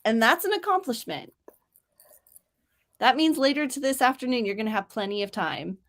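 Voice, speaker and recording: Reading viewer comments aloud, the upbeat host of a writing sprint livestream chats casually in a slightly high, somewhat bright voice with lively intonation and a moderate pace. She grew up near Mexico.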